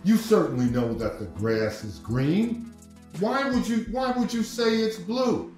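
A man's voice: high voice, animated, unhurried, darkish tone, echoey room, soft background music, voice pushed up. A man voicing an impatient male tiger, insistent and exasperated.

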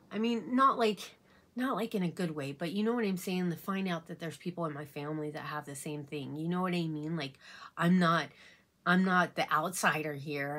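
A woman's voice: on the low side, fairly bright tone. A woman beauty vlogger chatting casually while doing her makeup, rambling and confiding as she talks. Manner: rambling and confiding, many fillers like "you know what I mean".

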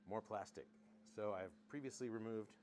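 Hushed male car salesman in a showroom. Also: fairly low pitch, moderate pace. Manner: hushed golf announcer voice. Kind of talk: casual walkaround demo.

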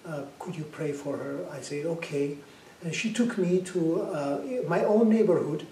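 Man, Amharic speaker, testimony preacher, hesitant fillers, mellow higher voice, echoey room far from the mic. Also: measured pace, slight background noise. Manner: hesitant with frequent 'uh' fillers, rising to loud fervent praise. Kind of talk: spoken testimony, sermon-like storytelling.

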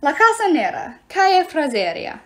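A woman's voice: very animated, moderate pace. A woman voicing a panicky small male dwarf thief who shrieks and wails, in a storybook reading. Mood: panicked. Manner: shrill, wailing and squealing.

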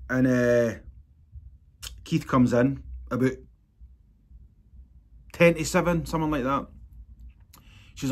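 Husky, blunt man. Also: mid-range voice, slow pace, long pauses, darkish tone. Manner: blunt, angry and sweary, addressing viewers directly. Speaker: tattoo artist and channel host. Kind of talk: direct-to-camera vlog update.

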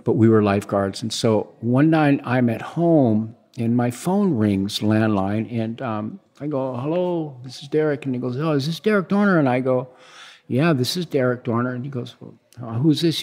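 A man in his sixties from the United States, telling stories as a guest in a relaxed, rambling way and acting out the dialogue he quotes. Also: medium pitch, normal speed. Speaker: guest, big-wave surfer. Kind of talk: casual storytelling interview.

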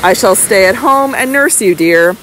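A woman's voice: mid-range voice, lively intonation, moderate pace, slight background noise, natural voice, rough recording. A woman doing a sweet, fragile Lady Audley. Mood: coaxing. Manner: soft, injured, coaxing pleas. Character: young wife, sweet, fragile, secretly scheming.

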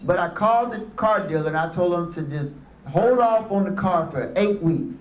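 A man's voice: sits high, animated, normal speed. A man giving a motivational speech to youth and parents, telling stories and calling for amens from the room. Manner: storytelling with call-and-response. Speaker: motivational speaker. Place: room with a live audience. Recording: echoey room.

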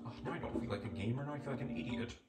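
Talking rapid-fire in a medium pitch, this let's play commentator curses at enemies, sounds exasperated, and makes fun of himself along the way. Loud game music plays behind him, picked up by a distant mic in an echoey room.

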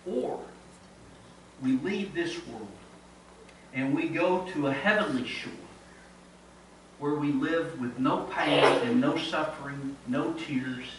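A man's voice: on the high side, pushed and bright, slight background noise. A middle-aged man preaching a sermon in a church, earnest, often repeating words as he builds a point. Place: church sanctuary. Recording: very echoey church from a distance.

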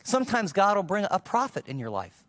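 A middle-aged man preaching and spinning personal stories, voicing the people in them as he goes. His voice sits a touch high for a man. The sound is dry and close, with little room in it. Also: a little fast, no room sound. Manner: animated storyteller acting out quoted dialogue. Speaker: pastor. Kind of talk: sermon storytelling.

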